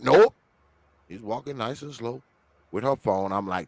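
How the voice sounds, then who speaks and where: A man who is a guest on a podcast, telling a story in an animated, heavily profane way. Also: mid-range voice, normal speed, no room sound.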